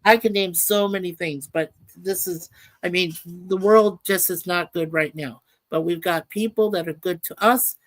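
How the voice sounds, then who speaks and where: A woman hosting a casual livestream, speaking earnestly and warmly to her viewers and reading out their comments. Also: on the low side, steady tone, moderate pace. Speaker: livestream host.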